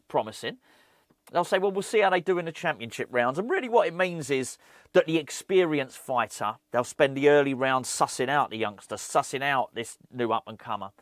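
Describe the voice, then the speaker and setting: A man talking casually as a fan channel host, animated and ranting, often repeating words. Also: on the high side, no echo, studio quality. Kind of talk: casual football chat.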